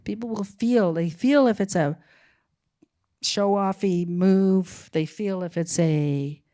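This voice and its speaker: A middle-aged woman, a film director as guest, talking in a halting, musing way with many restarts. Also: medium pitch, warm tone. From Canada. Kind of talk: casual interview talk.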